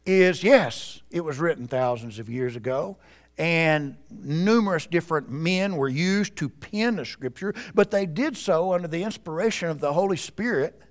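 A male pastor delivers a sermon with a fairly high voice for a man. He speaks earnestly and turns to the congregation directly. The talk comes from a church service. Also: lively intonation, moderate pace.

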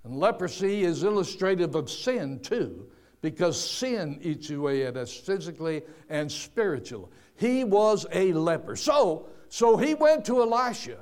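Un predicador mayor que cuenta historias bíblicas en un sermón, con tono campechano y enfático, repitiendo palabras y haciendo comentarios al margen. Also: male voice, high-pitched, sing-song, normal speed, darkish tone. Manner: folksy and emphatic, with restarts and asides. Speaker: preacher. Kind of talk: storytelling sermon.

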